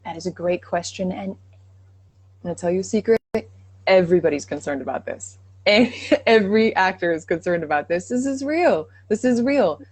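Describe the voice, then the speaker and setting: A woman's voice: fairly low pitch, animated, moderate pace, slightly rough, no room sound. A woman co-hosting a live accent Q&A, speaking in an encouraging, reassuring way. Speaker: co-host accent coach. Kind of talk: casual livestream advice.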